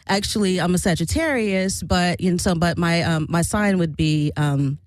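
A woman's voice: lowish voice, moderate pace, dry recording. A woman chatting casually to her camera about her old band, rambling and frank with swearing and frequent laughter.

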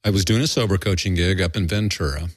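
A man's voice: low voice, fast, no echo. An older man telling rambling anecdotes in a casual podcast chat, acting out the quotes. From Southern California. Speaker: podcast guest storyteller.

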